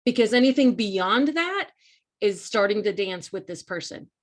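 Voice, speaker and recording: An expressive woman with a medium-pitched voice and moderate pace hosts live coaching. She speaks casually but earnestly and emphatically, repeating important points and talking straight to those listening.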